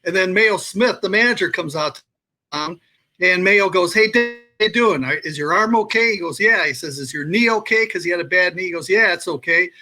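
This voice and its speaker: A man's voice: high-pitched, a little fast, sharp tone, faint music behind. A man on a casual sports show, telling stories at an easy pace and acting out the quotes. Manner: easygoing storyteller, acts out quotes. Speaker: guest storyteller on sports show.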